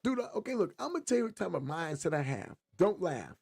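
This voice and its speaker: A man's voice: high voice, fast, gravelly, slightly rough. A man co-hosting a podcast, chatting casually and telling jokey stories with lots of energy. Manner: animated, joking storyteller. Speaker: podcast co-host. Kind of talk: casual chat.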